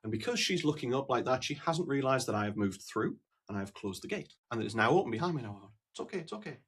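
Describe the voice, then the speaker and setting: Man, husky voice, lively swooping pitch, deadpan humor, casual chat. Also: quick pace. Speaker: podcast guest.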